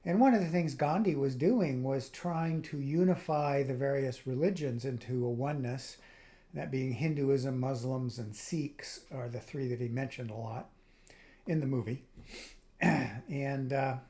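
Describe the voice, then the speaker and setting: A man hosts his own video, speaking in a mid-range, warm voice at an unhurried pace. His reflective spiritual monologue rambles, with frequent restarts and trailing asides.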